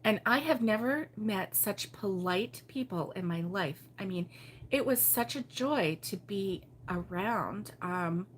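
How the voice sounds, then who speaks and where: A woman from Baltimore hosting a relaxed morning livestream, chatting and giggling as she reads viewer comments aloud. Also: medium pitch, slow pace, slight background noise. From Baltimore, USA. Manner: chatty and giggly, with frequent fillers and laughs. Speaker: host of a crochet livestream. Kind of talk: casual morning chat reading viewer comments.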